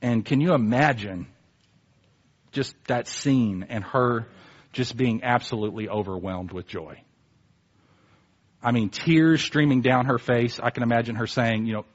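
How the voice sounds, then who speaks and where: Husky-voiced man preaching a sermon. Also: mid-range voice, measured pace, long pauses, highs cut off. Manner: conversational, emphatic, swings between soft asides and animated outbursts.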